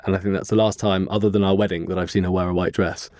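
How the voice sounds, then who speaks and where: Low-voiced man telling a rambling story. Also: level tone, a little mellow, no echo, studio quality. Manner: earnest, rambling, with many pauses and fillers. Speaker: podcast guest. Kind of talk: casual interview storytelling.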